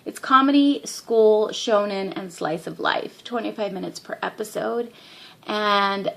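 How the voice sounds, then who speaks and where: A young woman giving a casual vlog review of an anime, excitable and giggly, with lots of filler words. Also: mid-range voice, unhurried, gravelly.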